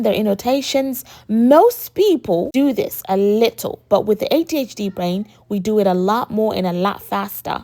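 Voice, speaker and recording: A woman in her thirties, an American accent with a British lilt, explaining to camera with lively emphasis and frequent rhetorical asides. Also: fairly high pitch. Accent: American mixed with a British lilt. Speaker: vlogger.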